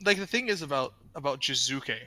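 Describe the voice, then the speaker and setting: A man who coaches an esports team, a guest on a casual podcast, joking and sarcastic and getting animated as he rants. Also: mid-range voice, a little fast, no room sound.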